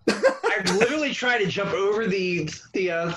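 A man telling wrestling stories as a podcast guest, animated and often breaking into laughter. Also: sits high, moderate pace, a crowd in the background. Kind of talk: casual storytelling.

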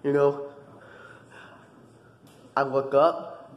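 A young man vlogging, telling a dream story in a casual, animated way with lots of fillers. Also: medium pitch, slow pace, pauses often, echoey room, poor audio. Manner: animated, dramatic retelling with many fillers.

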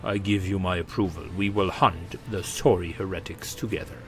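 A man voicing a gruff, boastful space wolf warrior leader in a video game, declaiming loudly and slowly. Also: deep voice, fairly even intonation, pitched below the performer's own voice, close to an everyday voice. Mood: proud. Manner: loud, slow, proud declaiming.

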